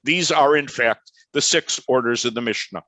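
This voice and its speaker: A man's voice: mid-range voice, moderate pace, pushed and bright, no echo, rough recording. An older man from Chicago with a Chicago accent, a professor giving an online lecture over a video call in a conversational, anecdotal way that often wanders. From Chicago, USA.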